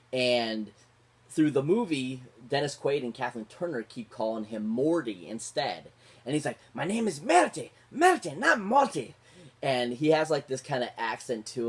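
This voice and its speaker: A man giving a casual, rambling film review, gushing about the actors with constant fillers and restarts. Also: medium pitch. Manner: gushing, repeats favourite words. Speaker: movie reviewer.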